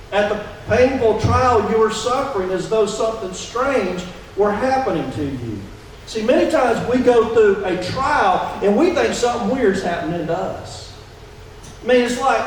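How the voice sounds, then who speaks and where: A man's voice: extremely high pitch, a little hiss or hum. A man preaching a sermon as pastor, talking conversationally and often asking the congregation questions. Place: church sanctuary. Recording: echoey church hall from a distance.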